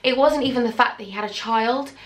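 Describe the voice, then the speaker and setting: A woman's voice: fairly high pitch, quick pace. A young woman in her twenties telling a personal story in a vlog, tearful, earnest and heartfelt as she speaks straight to her viewers. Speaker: YouTuber.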